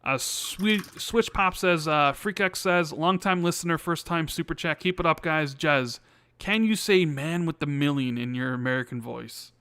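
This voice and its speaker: A man co-hosting a casual podcast, with a slightly high, smooth and clear voice. He rambles with plenty of fillers while reading viewer questions aloud. The recording is close and dry. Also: moderate pace, pushed and bright, dry recording. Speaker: podcast co-host.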